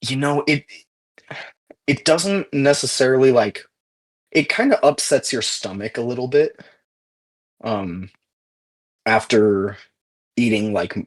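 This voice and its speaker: A man narrates a tabletop role-playing session as its game master. He talks at an unhurried, drawn-out pace, pausing often with filler sounds between phrases. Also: mid-range voice. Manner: slow, halting, many fillers.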